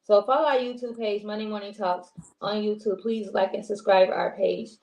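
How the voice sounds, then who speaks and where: A woman's voice: medium pitch, steady tone, normal speed, darkish tone. A woman co-hosting a casual talk show, rambling and chatty with many restarts. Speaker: co-host. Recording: roomy echo.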